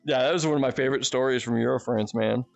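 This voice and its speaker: An American man telling his stream viewers a casual story, animated and profane, laughing often. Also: mid-range voice, fast, creaky, dry recording, faint music behind. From United States. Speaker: streamer and channel host.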